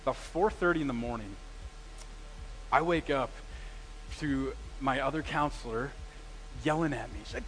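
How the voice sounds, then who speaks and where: A middle-aged man, preaching a sermon and telling a story with lively, acted-out quoted lines. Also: mid-range voice, normal speed, pauses often, rough recording. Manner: animated, acts out quoted lines with big swings in loudness. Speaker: pastor.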